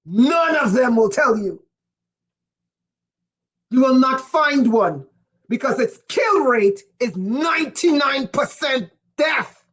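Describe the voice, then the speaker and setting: A woman giving an impassioned livestream monologue, emphatic and profane, with sudden bursts of shouting. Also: high-pitched, animated, slow pace, long pauses, husky, low-quality recording. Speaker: livestream speaker.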